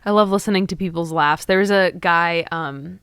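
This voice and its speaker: Low-voiced chatty woman, dry close mic. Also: normal speed, a bit bright, smooth, no echo. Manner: chatty, lots of likes and ums. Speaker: podcast guest. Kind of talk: casual chat.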